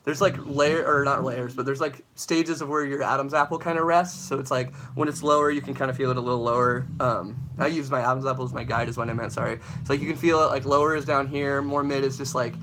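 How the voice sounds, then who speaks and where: A man's voice: mid-range voice, steady tone, fast, hardly any pauses, background noise. A young man, a vocalist, chatting loosely and swearing while he answers live chat questions about singing. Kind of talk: casual livestream Q&A.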